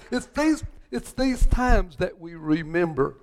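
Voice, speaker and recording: A man's voice: a little high, very animated, moderate pace, hardly any pauses. An older man from West Texas preaching a sermon, telling stories in a rambling way full of restarts and repeated words.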